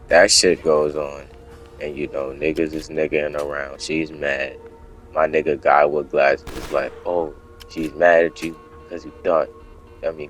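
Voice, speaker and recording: A young storytime vlogger with a rumbling low, fairly bright voice tells an unscripted story to camera. He rambles and swears, veering into asides and correcting himself.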